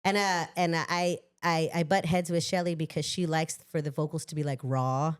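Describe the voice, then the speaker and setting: A middle-aged woman from Los Angeles talks casually as a podcast guest. Her voice sits on the low side, animated and self-mocking, with frequent laughs. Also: normal speed, clear, resonant tone.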